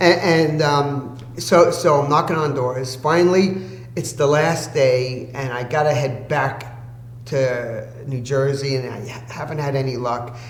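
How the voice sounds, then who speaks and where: A man's voice: medium pitch, fairly even intonation, measured pace. A man telling a long personal story as a podcast guest, acting out the people he quotes. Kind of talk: storytelling in casual conversation. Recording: echoey room with faint hum.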